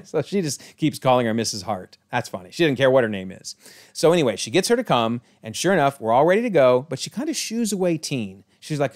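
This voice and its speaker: A man's voice: mid-range voice, animated, a little fast. A man giving a casual, enthusiastic episode breakdown, chatty and often correcting himself mid-sentence. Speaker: YouTube show recapper.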